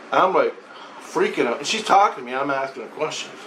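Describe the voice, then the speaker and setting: A man telling a casual, rambling spoken account, animated and often repeating himself. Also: fairly high pitch, a little fast, a little hiss or hum. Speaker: vlogger. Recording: roomy echo, faint ambience.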